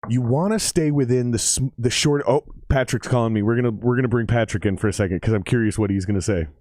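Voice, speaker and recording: Profane, excitable man streaming football commentary. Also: mid-range voice, quick pace, no echo, clean studio sound. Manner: profane, excitable, chatty with his viewers. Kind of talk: casual live-stream commentary.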